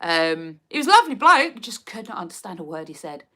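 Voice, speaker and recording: Speaking a little fast in a low-ish, sing-song voice with a pushed, bright quality, a livestream host from Hertfordshire, England, reads viewer comments aloud. She chats casually in her Hertfordshire English accent, giggling along the way.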